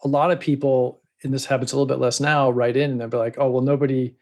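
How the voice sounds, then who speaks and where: A man's voice: medium pitch, fairly even intonation, fast, a little mellow. A man appearing as a podcast guest who talks about book promotions in a loose, chatty way full of fillers and asides. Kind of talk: casual podcast conversation.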